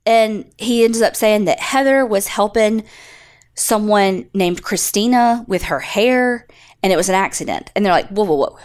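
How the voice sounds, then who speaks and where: A woman co-hosting a podcast, telling a story in loose conversational chat. She curses freely and slips into the voices of the people she quotes. Her pitch sits in an ordinary middle range. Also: normal speed. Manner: casual, swears freely, acts out quotes. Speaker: podcast co-host. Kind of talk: casual storytelling.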